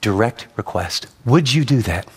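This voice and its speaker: A middle-aged man preaching a sermon, animated, acting out the people he quotes, moving between soft and emphatic delivery. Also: mid-range voice, normal speed, husky. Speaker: pastor. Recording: long reverb of a hall.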